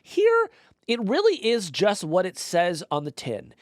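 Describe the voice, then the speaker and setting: A man's voice: high voice, huge pitch swings, measured pace, no echo. A man co-hosting a tech podcast, explaining a trend with dry, teasing humor over a studio mic. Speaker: podcast co-host. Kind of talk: casual chat.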